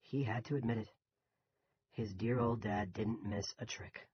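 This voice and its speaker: A man reading an audiobook in scripted narration, measured and even. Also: lowish voice, dull audio, a little hiss or hum.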